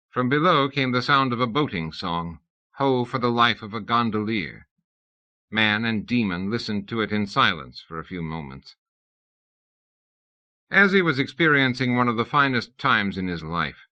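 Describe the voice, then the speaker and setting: A male narrator reads a comic fantasy novel with a lively, swinging delivery and a bright, clear edge on a low voice. The recording is dull and lo-fi, like an old 1990s audiobook tape. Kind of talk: scripted narration.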